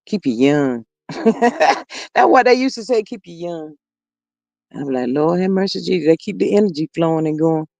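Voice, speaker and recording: A woman's voice: deep voice, lively intonation, normal speed, gravelly, a little mellow, dry recording. A middle-aged grandmother hosting a casual livestream, reading viewers' comments aloud and chatting in a homespun, talkative way. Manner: chatty and homespun, reads comments aloud, says "Lord have mercy" often.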